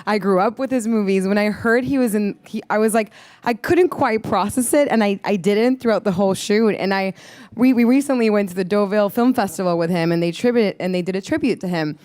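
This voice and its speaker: A woman's voice: medium pitch, a little fast, no room sound. A young woman from Chile with a Chilean Spanish accent, an actress answering interview questions, often laughing and saying um. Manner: warm, laughing, with many ums.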